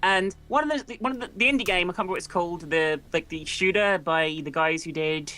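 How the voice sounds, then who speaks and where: A woman's voice: on the low side, fast, sharp tone, poor audio. A young woman co-hosting a game stream, ranting sarcastically about consoles. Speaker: co-streamer guest. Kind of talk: live gameplay chat.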